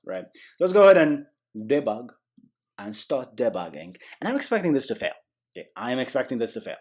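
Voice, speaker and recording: A young man hosting a casual programming tutorial, chatty and joking, with frequent okays and rights. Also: lowish voice. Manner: chatty, animated, often adds okay and right, jokes. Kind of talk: casual screen-recorded coding tutorial.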